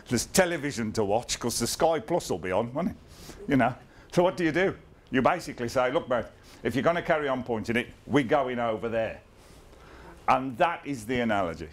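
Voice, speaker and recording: A man in his fifties giving an informal talk to an audience, wry and self-deprecating, often chuckling as he tells his story. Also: mid-range voice. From England. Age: 50s. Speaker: guest speaker.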